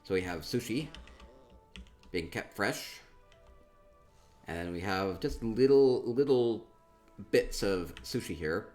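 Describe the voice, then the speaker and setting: A man chatting casually through a tour of a game, upbeat and quick to repeat himself, with soft laughs between remarks. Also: lowish voice, animated, soft background music. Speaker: gaming streamer touring player-built homes. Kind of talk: casual gameplay commentary.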